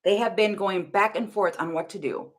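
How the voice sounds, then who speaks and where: A woman's voice: medium pitch, normal speed. A young woman giving a casual tarot reading to camera, rambling and laughing often as she thinks aloud. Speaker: tarot reader.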